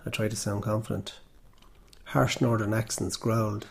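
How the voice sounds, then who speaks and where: A man from Tipperary, reading his own first-person story in a wry, measured way. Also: lowish voice, level tone, creaky, slightly rough. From Tipperary, Ireland.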